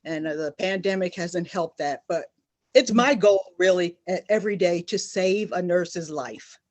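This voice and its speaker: A woman's voice: lowish voice, moderate pace, darkish tone. A middle-aged woman, a nurse, giving earnest, emphatic personal testimony on a panel and repeating her key phrases for weight. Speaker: nurse guest speaker.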